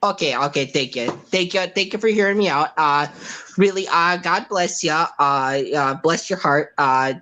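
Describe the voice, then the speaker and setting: A man's voice: on the high side, normal speed, bright, forceful tone. A man doing a put-on Wisconsin accent, playing a rambling folksy guy full of fillers. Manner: rambling filler-heavy banter.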